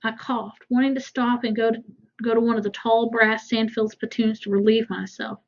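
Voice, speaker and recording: A woman reads a novel aloud for her class and stops now and then to explain it in casual asides. Her voice sits fairly high. The recording is dull and lo-fi. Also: flat delivery, moderate pace, vocal fry. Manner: casual asides between readings. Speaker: teacher. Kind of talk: reading a novel aloud with commentary.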